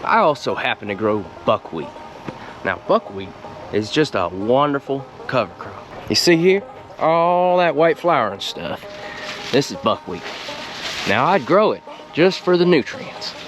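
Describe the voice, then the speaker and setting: A man hosting a comedic gardening tutorial outdoors in a folksy, drawling way, with deadpan innuendo. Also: medium pitch, measured pace, over music. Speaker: gardening show host.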